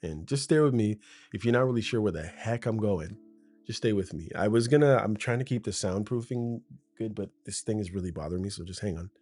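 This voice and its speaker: A man's voice: lowish voice, brisk, a little mellow, soft background music. A man hosting his own podcast, riffing off script in a casual, rambling monologue as if talking to a best friend, at a foam-shielded mic in a room by a window. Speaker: podcast host. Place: home room in front of a window. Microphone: studio mic with a foam shield.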